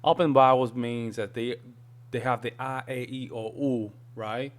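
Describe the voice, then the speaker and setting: A man's voice: medium pitch, fairly even intonation, a little slow. American guy doing a reaction vid, repeats the words to try them, easygoing. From United States. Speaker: reaction video host. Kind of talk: casual reaction commentary.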